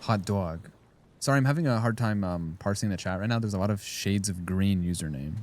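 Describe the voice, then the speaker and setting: Male streamer, lower register, loose jokey rambling to chat between game moments. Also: fast, darkish tone, a little hiss or hum. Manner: rambling, joking, talks to chat. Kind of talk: casual live-stream chat while gaming.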